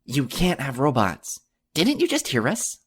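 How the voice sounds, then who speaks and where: A high, whiny little know-it-all filly, bossy and insistent, put on by a man in an audiobook, with a slightly husky edge and a lively, bouncing melody. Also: quick pace. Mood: exasperated. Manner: high-pitched, whining, insistent. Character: young filly unicorn, bookish, bossy. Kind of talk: audiobook reading.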